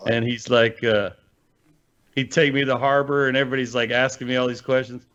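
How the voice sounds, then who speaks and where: A man's voice: medium pitch, little pitch movement, fairly quick, a bit bright, lo-fi sound. A man hosting a podcast, telling rambling anecdotes full of fillers in casual chat. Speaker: podcast host.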